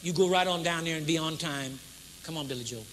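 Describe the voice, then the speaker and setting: A man's voice: fairly high pitch, brisk, background noise. A man pastor preaching a sermon to a congregation, emphatic and humorous, acting out a demonstration. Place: church stage before a congregation.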